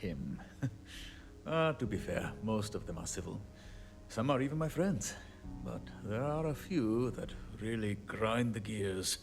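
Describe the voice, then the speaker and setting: Tired handyman, kinda low voice, rambles and apologizes, game music under it. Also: expressive, measured pace, creaky. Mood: rueful. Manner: chatty, rueful and apologetic, with light laughs. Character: weary, self-deprecating male handyman. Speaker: game character. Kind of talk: video game character dialogue.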